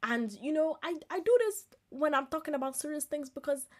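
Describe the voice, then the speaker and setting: A woman's voice: high voice, brisk. A woman, hosting a live-streamed podcast in a candid, chatty way and laughing often as she talks. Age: 20s. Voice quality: expressive, laughs often while talking. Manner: candid, chatty, swings between loud and quiet. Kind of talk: casual live-stream chat.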